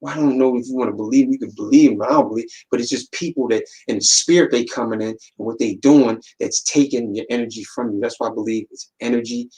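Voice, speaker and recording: A man's voice: medium pitch, steady tone, fast talker, hardly any pauses, warm tone, low-quality recording. Preachy male podcast host. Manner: preachy, repeats words for emphasis, acts out quotes. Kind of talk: casual motivational talk.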